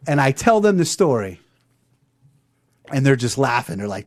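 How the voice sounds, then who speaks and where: Man, podcast host, casual storytelling, lively swooping pitch, acts out dialogue. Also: normal speed, pauses often.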